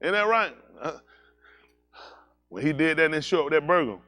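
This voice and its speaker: A man preaches in a high, lively voice. He tells his stories with comic flair and jumps into squeaky voices for the people in them. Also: normal speed. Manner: animated, jokey, slips into high-pitched voices for characters. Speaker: pastor. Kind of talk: comedic storytelling sermon.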